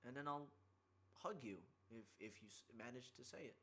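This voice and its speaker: A man streaming, chatting casually in a teasing, boisterous way and prone to shouting. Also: mid-range voice, moderate pace. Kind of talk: casual chat.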